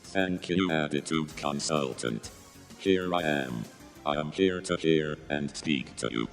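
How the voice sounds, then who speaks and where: A man putting on a deep robotic computer voice. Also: soft background music. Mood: flat mechanical. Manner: monotone and mechanical, slow and halting.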